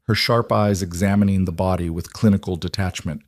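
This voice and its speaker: A man narrating a dramatic story in a calm, even reading voice. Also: deep voice, normal speed, few pauses, dry recording, studio quality.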